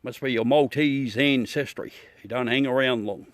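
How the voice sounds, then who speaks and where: A man's voice: mid-range voice, normal speed, dry recording. A middle-aged Australian man hosting a livestream, chatting casually with viewers, laughing, joking and swearing as he talks. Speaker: livestream host. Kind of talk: casual chat with live viewers.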